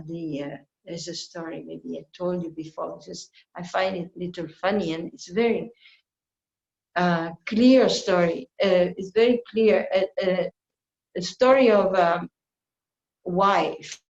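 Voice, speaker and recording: A woman's voice: medium pitch, a little mellow. A woman giving a reflective scripture class as a sermon, speaking earnestly and acting out little quoted exchanges to make her point. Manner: slow, earnest teaching with playful acted-out quotes. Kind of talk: sermon-style reflective reading. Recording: roomy, dull lo-fi recording.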